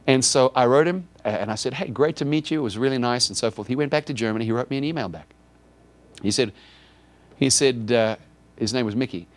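Speaking briskly at a medium pitch, a pastor shares a personal story during his sermon and performs its conversations. He grows animated, raising his voice to act out his exchanges with God.

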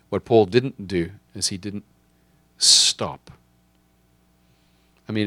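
A man's voice: sits low, a bit bright, no room sound. A man preaching a sermon as pastor, speaking emphatically and repeating key lines for his listeners.

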